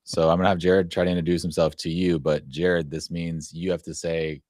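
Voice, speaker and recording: Very deep-voiced man hosting a live show. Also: little pitch movement, a little mellow, dry recording, studio quality. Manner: halting, filler-heavy explaining. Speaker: show producer and host. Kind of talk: live casual show chat.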